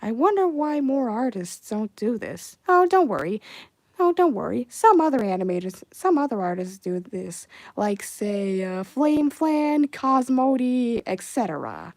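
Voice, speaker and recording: Young woman, animator livestreaming, lively and chatty, higher voice, dry sound. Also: measured pace, hardly any pauses, no echo. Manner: chatty, reads chat aloud, excitable outbursts. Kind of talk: casual livestream chat while animating.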